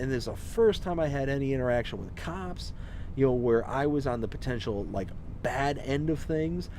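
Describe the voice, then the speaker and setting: A man's voice: medium pitch, darkish tone, slight background noise. Rambling male game streamer chatting casually. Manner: rambling, repeats words and restarts while telling a personal story; reads out and thanks viewers' chat messages. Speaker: live-stream host of a farming game. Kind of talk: casual live-stream chat.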